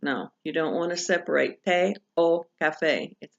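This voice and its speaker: A woman teaching pronunciation in a recorded lesson, patiently walking through examples and repeating each one slowly. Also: sits low, vocal fry. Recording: dull lo-fi recording.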